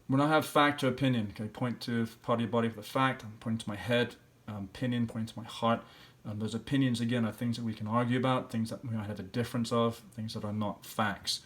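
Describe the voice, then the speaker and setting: This is a lesson walkthrough where a male teacher thinks aloud over practice questions, breaking words into letters and syllables. He has a medium-pitched, fairly bright voice.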